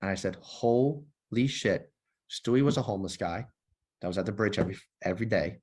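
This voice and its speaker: A man in his thirties, a former police officer, telling his story in a podcast interview in a lively, profane way, acting out the dialogue. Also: deep voice, very fast, husky. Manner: animated, profane, acts out dialogue. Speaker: guest, nonprofit founder and former police officer.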